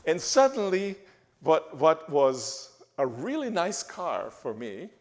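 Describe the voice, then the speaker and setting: A man giving a talk in a church, speaking haltingly with frequent restarts and fillers. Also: a little high, wildly swooping pitch. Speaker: guest speaker. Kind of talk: church lecture. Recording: reverberant church hall.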